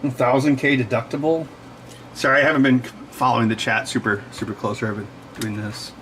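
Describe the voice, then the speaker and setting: A man's voice: mid-range voice, fairly even intonation, a little fast, a bit bright, slight background noise, rough recording. A man hosting a livestream, telling stories in a rambling, digressive way, correcting himself and laughing often while he works. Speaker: livestream host. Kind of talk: rambling casual chat while working.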